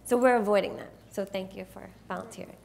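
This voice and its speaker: A woman's voice: mid-range voice, fairly even intonation, fast talker, vocal fry, darkish tone, a little hiss or hum. A woman presenting a live workshop, teasing and directing volunteers in front of an audience. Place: event room with an audience.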